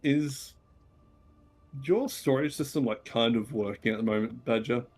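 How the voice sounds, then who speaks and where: A man's voice: mid-range voice, a little slow. A man chatting casually while gaming, blunt and full of swearing. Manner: blunt and heavily profane. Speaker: co-player. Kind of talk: casual chat while playing.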